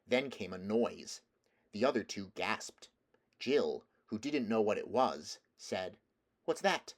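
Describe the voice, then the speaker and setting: A man reads a storybook aloud in a steady, measured way, his voice sitting on the lower side. He now and then backs up to restart a phrase, keeping an even narrator's pace. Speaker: audiobook reader.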